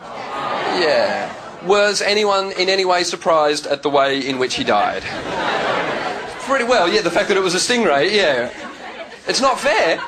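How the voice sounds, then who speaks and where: Australian male stand-up, animated and a touch high, live club mic with a loud laughing audience. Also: crowd noise, noisy background. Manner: lively storytelling, slipping into quick character voices. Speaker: stand-up comedian. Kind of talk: stand-up comedy set. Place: comedy club stage.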